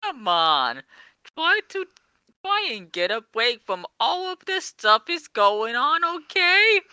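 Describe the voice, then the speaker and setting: Woman, slow delivery, animated pitch, dry close sound. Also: clear, resonant tone, no room sound. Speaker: co-host reading a character's lines. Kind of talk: comedic dramatic reading.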